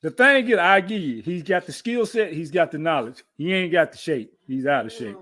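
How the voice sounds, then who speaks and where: A man in his thirties talks sports loosely on a podcast, bragging and trash-talking. He says his points again and again. His voice sits a bit high for a man. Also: lively intonation, moderate pace, bright, forceful tone. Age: 30s. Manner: boastful, trash-talking, repeats himself. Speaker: podcast co-host. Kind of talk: casual sports chat.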